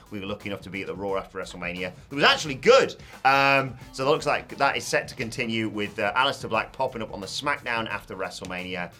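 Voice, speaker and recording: A man's voice: fairly low pitch, pushed and bright, soft background music. A man co-hosting a wrestling news show, playful and joking in casual banter. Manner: playful, quick-talking banter. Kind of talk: casual chat.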